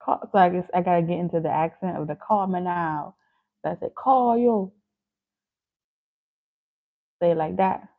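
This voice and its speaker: Playful gravelly woman on a tinny line. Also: on the low side, fairly even intonation, quick pace. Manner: playful, teasing, laughs easily. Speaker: tarot reader live-streaming to viewers. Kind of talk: casual live-stream chat. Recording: phone-like lo-fi audio.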